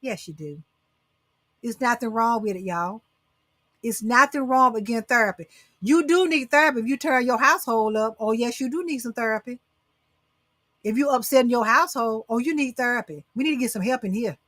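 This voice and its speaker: A woman's voice: fairly high pitch, a little fast, fairly bright tone, dry recording, studio quality. A middle-aged woman hosting a casual motivational talk show, coaxing and preaching to her viewers. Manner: preachy, coaxing, addresses audience as y'all.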